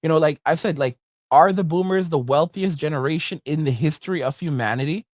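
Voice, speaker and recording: A man's voice: on the high side, fairly quick, no echo, studio quality. A man hosting a reaction commentary, ranting in an emphatic, indignant way. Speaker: commentary host.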